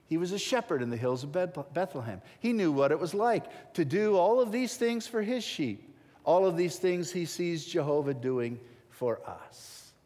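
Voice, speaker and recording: Slow, lively preacher man in a reverberant hall. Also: on the high side. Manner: emphatic, with dramatic drops to near silence at phrase ends. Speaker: pastor. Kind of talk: sermon. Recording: long reverb of a large hall.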